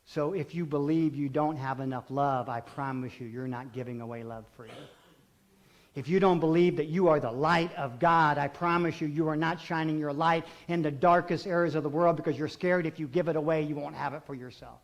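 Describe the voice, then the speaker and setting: Higher-voiced male pastor preaching. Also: brisk. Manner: swings between loud emphatic calls and hushed intimate delivery; repeats phrases in rhythmic preaching cadence. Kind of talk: sermon.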